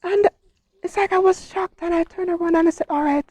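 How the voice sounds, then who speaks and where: A woman's voice: very high-pitched, a little fast, darkish tone, no echo. A middle-aged woman telling her personal story as an interview guest, heartfelt and emotional, acting out what she said at the time. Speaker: guest, cancer survivor. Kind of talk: personal testimony.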